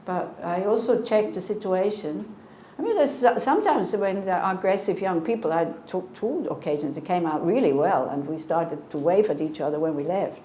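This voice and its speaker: Animated and mellow, the low-leaning voice of a woman in her sixties moves at normal speed. A Buddhist teacher, she delivers a conversational dharma talk and takes questions with earnest rhetorical asides, captured in an echoey room with faint noise.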